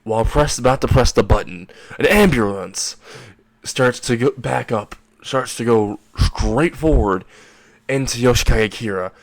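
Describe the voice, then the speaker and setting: A man's voice: mid-range voice, a little slow. A young man casually narrating a fan-made anime crossover story, rambling and crude, laughing at his own jokes.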